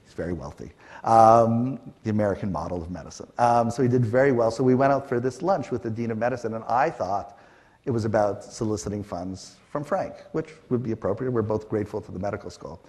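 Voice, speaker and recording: A middle-aged Canadian man, a panel guest, tells stories on a conference stage in a lowish, fast voice. He's animated, acting out quotes and using frequent fillers in a conversational style.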